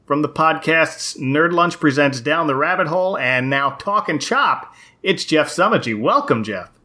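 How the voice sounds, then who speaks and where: Bright-voiced man hosting a podcast. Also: a little high, expressive, normal speed. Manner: jokey, laughs often. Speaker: podcast host. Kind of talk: casual podcast chat.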